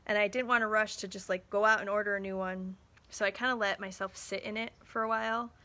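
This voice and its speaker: A woman's voice: medium pitch, steady tone, quick pace, sharp tone. A woman in her thirties telling a story in a casual live talk to viewers, acting out bits of dialogue as she goes. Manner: chatty storytelling, acts out quoted dialogue. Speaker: small business owner and mother.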